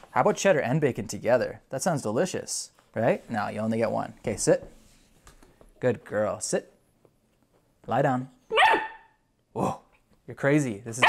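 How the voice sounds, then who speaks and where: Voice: mid-range voice, animated, slight background noise. Chatty puppy owner calling a taste test. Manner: upbeat, mixes quick dog commands with chatty play-by-play. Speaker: dog owner and video host. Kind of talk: casual commentary while training a puppy.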